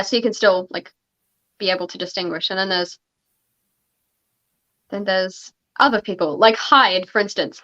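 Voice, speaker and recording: A woman's voice: medium pitch, fairly even intonation, moderate pace, pauses often, a bit bright, dull audio. A young woman hosting a casual livestream chat, talking about running tabletop games with lots of fillers and restarts. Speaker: podcast host and game master.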